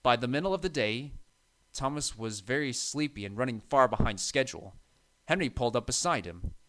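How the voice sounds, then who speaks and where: A man narrating a children's train story in an even, measured reading. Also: mid-range voice.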